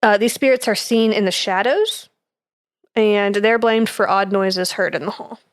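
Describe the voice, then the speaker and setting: A woman's voice: mid-range voice, a little slow, no room sound, clean studio sound. Chatty woman reading ghost notes. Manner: reads from notes with fillers, laughs easily. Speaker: podcast co-host presenting research. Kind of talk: casual chat.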